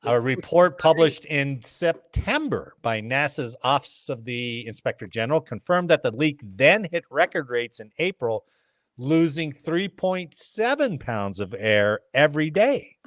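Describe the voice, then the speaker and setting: A man's voice: medium pitch, very animated, unhurried, a bit bright, dry recording, clean studio sound. A man hosting a casual podcast, reading news articles aloud and breaking off for joking asides. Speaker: podcast host.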